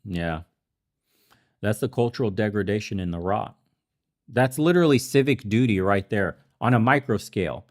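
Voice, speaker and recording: A man with a lowish, expressive voice hosts a podcast from the Balkans, speaking at a moderate pace. An immigrant to America, he delivers profane, ranting commentary full of heavy swearing and heated outbursts, now and then laughing at himself.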